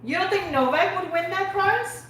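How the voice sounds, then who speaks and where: A woman co-hosting a live online sports talk show, chatty and quick to laugh. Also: very high-pitched, animated, fairly bright tone, slight background noise. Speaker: show co-host. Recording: distant, very echoey room.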